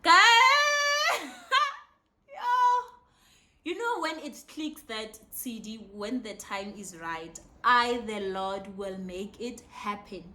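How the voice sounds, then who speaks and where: A young South African woman with a South African accent telling a personal story, excitable and emotional. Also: medium pitch, slow pace. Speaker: vlogger. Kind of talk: casual storytime.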